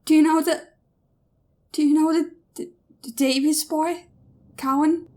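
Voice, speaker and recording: A woman's voice: high-pitched, fairly even intonation, drawn-out words, sharp tone, full character voice. A woman playing a sobbing, terrified young daughter. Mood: frantic pleading. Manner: sobbing, stammering, pleading. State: crying.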